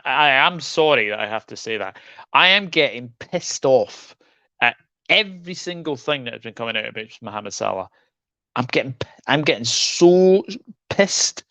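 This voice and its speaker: Male football streamer, mid pitch, frustrated and repetitive, flat lo-fi sound. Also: no room sound. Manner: frustrated, repetitive, stumbling restarts. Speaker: football channel host. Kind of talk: live-stream football commentary.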